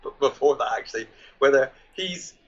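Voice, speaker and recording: A man co-hosting a podcast casually retells film scenes and quotes the characters, restarting often. He speaks at a normal speed with a medium pitch, and the podcast audio is dull and lo-fi.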